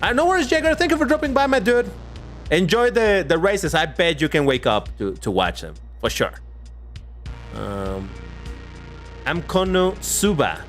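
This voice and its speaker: A man hosts a casual gaming live stream, rambling and answering his viewers' chat aloud while he plays over faint background music. His voice is high, sing-song and a bit bright, at a moderate pace.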